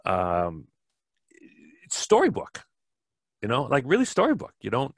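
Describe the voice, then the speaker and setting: A man's voice: medium pitch, wildly swooping pitch, measured pace, no echo. A middle-aged man from Wisconsin, a podcast guest telling stories in a rambling, casual way with many fillers and restarts. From Wisconsin, USA. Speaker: podcast guest, bike fitter. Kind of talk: casual storytelling.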